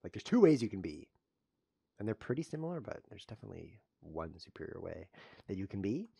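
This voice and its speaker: Lively, self-mocking male chess streamer. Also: deep voice, quick pace, gravelly, breathy edge, no echo, studio quality. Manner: self-mocking deadpan jokes with sudden yelps over blunders. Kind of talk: live-stream commentary while playing.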